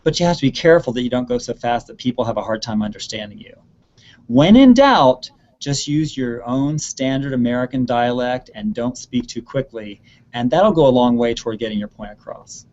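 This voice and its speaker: A man's voice: mid-range voice, lively intonation, fairly quick, a little mellow, highs cut off. A man giving earnest advice on stage performance in an online question-and-answer session, often repeating words for emphasis. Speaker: theater expert answering student questions. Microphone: video call.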